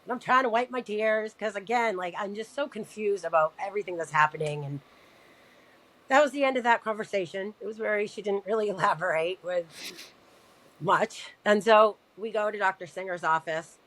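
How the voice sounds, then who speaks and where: A woman's voice: mid-range voice, brisk, a bit bright, rough recording. A woman speaking as a podcast guest, sharing a personal story in an earnest, emotional way. She often stumbles over her words and restarts sentences as she tries to find them.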